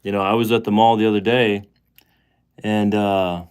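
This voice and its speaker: A man with a fairly low voice hosts a casual livestream. He rambles, fills his talk with fillers and restarts, and turns heated and indignant as he goes. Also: level tone, moderate pace, a little mellow, clear, resonant tone. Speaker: live-stream host.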